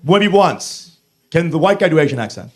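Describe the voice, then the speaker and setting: High, lively man doing stand-up. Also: normal speed. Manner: brash, profane, mimics accents and voices. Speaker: stand-up comedian. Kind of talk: stand-up comedy set. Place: comedy club stage before a live audience.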